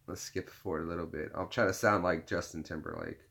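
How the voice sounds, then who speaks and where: Bright-voiced man rambling on a live stream. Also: deep voice, wildly swooping pitch, a little fast, creaky. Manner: rambling and chatty, with filler-heavy restarts; joking, self-deprecating, laughs often. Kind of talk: casual live-stream chat.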